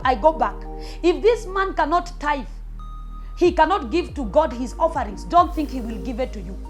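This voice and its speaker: A woman preaches relationship advice with emphatic, punchy delivery and repeated short commands. Her voice sits fairly high. Faint music runs beneath her. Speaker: prophetess preacher. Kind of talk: sermon-style relationship advice.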